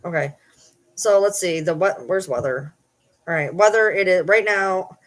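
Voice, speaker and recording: A woman's voice: fairly low pitch, unhurried. A woman chatting casually on a late-night livestream from home, blunt, rambling and swearing freely.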